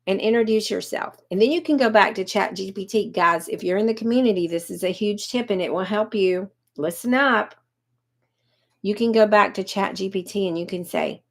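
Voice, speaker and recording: A woman's voice: medium pitch, normal speed. A woman in her fifties chatting on a livestream, coaching viewers on online marketing and answering comments by name. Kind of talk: casual livestream pitch.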